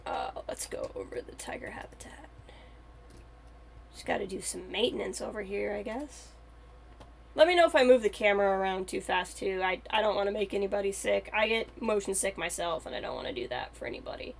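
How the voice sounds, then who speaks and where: A woman's voice: medium pitch, fast, gravelly, slight background noise. A woman streamer chatting casually and thinking aloud as she plays a game on a live stream.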